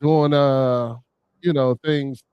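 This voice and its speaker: A man hosting a podcast in casual chat, affirming his guest with halting phrasing. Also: mid-range voice, steady tone, smooth, dry recording, highs cut off. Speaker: podcast host.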